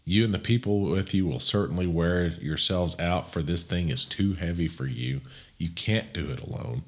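A man, a pastor co-hosting a casual faith podcast, who gets animated and climbs higher in pitch as he gets excited. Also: moderate pace.

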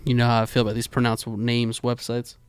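A man's voice: mid-range voice, completely flat delivery, fast talker, clear, resonant tone. A man co-hosting a podcast, arguing and joking in casual chat with a crass sense of humor. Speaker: podcast co-host.

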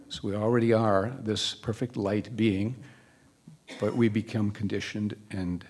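Male minister, low husky voice, chatty sermon with questions to the flock. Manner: conversational, asks the congregation questions. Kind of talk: church sermon.

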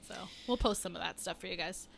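A woman's voice: on the low side, fast, gravelly, a bit bright, slight background noise. A woman co-hosting a podcast in casual chat, laughing easily and giving lots of short agreeing replies. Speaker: podcast co-host.

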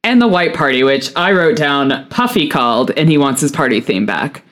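A man's voice: on the high side, expressive, normal speed, a bit bright. A man co-hosting a podcast, chatting easily with lots of "like" fillers and wry asides. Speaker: podcast co-host. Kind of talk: casual chat.

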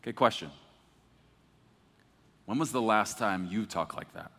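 A man preaching a sermon in a conversational, animated way, acting out the scripture he reads. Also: lowish voice, moderate pace. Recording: echoey hall.

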